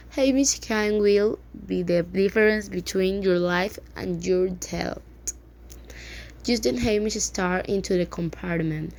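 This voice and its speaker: A woman reading a novel aloud in a halting way, often stumbling over words and starting them again. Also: mid-range voice, vocal fry, a little mellow. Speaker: reader.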